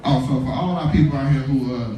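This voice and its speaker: A man's voice: mid-range voice, fairly even intonation, fast, mellow, faint music behind. A man co-hosting a live podcast, asking questions in a hyped, joking, chatty way. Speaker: podcast co-host. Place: live podcast event before an audience. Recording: roomy venue, distant mic, crowd behind.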